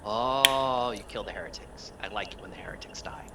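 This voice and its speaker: A man's voice: fairly low pitch, moderate pace, distant mic, noisy background, natural voice. A man voicing a touchy male tech-priest medic who stammers over his words and insists he doesn't stutter. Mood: eager.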